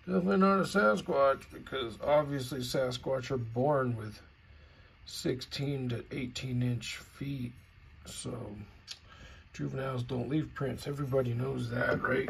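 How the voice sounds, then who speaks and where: A man's voice: mid-range voice, husky. A man ranting in a vlog, angry and sarcastic, swearing heavily. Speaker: vlogger.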